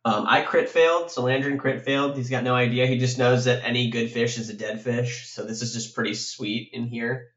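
A man's voice: mid-range voice, steady tone, fairly quick, a bit bright, slight background noise. A man playing in a tabletop game, casual and joking, often laughing. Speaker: player. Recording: roomy, dull lo-fi sound.

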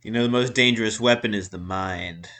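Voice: medium pitch, brisk. A tabletop game player chatting in a joking way. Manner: joking, lively.

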